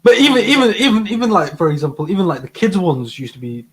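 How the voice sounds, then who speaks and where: A man's voice: high-pitched, very animated, fast. A man co-hosting a live advice stream, talking eagerly and often repeating and restarting words. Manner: enthusiastic, stumbles and repeats words, playful. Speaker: advice show co-host. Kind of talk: casual live-stream banter.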